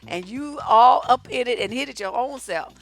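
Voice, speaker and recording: A woman's voice: fairly high pitch, normal speed. A woman relationship coach, giving blunt, profane, sassy advice while answering viewer questions on a live stream. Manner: profane, sassy, animated storytelling.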